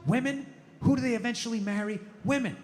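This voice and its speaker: A male stand-up comedian ranting and swearing, swinging from low muttering to shouting. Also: fast. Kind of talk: stand-up routine. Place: comedy club stage. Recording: noisy stage recording with long reverb.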